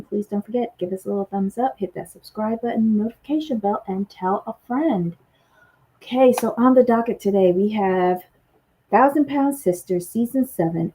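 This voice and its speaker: A woman's voice: on the high side, mellow. A woman co-hosting a recap show on a livestream, chatting casually and greeting viewers in the chat one by one. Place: lives abroad in Malta.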